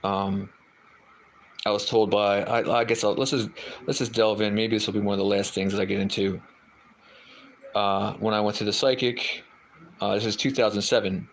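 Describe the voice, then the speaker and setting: Low-voiced guy on a livestream, ums and restarts everywhere, chatting to viewers. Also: level tone, moderate pace, a little hiss or hum, rough recording. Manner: rambling, hesitant, lots of fillers and restarts. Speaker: livestream host. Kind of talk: casual chat, reading out viewer comments.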